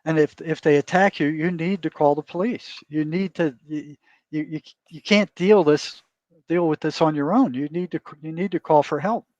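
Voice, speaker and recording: Male therapist guest, rambling storyteller, slightly high voice; dry, dull lo-fi recording. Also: moderate pace, darkish tone, no echo. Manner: rambling, peppers talk with "you know" and "right?". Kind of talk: casual storytelling in an interview.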